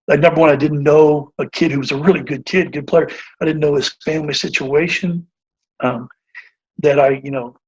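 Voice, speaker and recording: A man in his forties, a basketball coach, tells a long story in an earnest, rambling way, full of fillers and restarts. His voice sits fairly high and sounds husky. The recording is dull and lo-fi. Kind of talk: casual interview storytelling. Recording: dull lo-fi audio.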